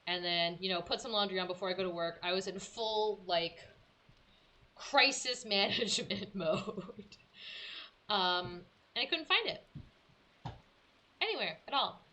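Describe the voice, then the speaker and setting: A young woman streamer telling a story in casual chat, animated and acting out her own quotes. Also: medium pitch, a little slow, long pauses.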